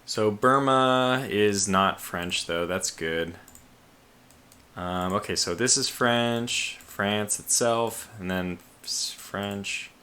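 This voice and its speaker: A man with a lowish but bright, forceful voice talks through a strategy game at his desk. He thinks aloud, restarts his sentences and sounds a little sleepy, stifling yawns. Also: takes it slowly. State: sleepy, yawning. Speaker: let's play host. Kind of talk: casual game commentary.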